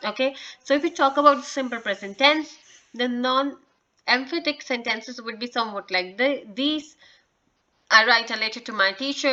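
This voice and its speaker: A woman with a bright, forceful, fairly high voice gives a casual English lesson to her viewers. She talks encouragingly but hesitantly, with many fillers and restarts. The sound is dull and lo-fi. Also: normal speed. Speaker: English teacher and channel host.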